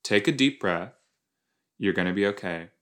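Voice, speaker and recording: A man's voice: on the low side, animated, moderate pace, a bit bright. A man hosting a podcast, rambling playfully and reacting casually to an episode as he watches, with silly made-up words. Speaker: podcast host.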